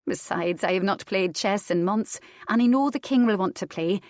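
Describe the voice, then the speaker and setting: A woman voicing a young Highland heiress, a bold and playful wife who speaks with a lilting, higher voice. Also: normal speed, no room sound, studio quality, natural voice. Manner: lilting and playful, with high squeals.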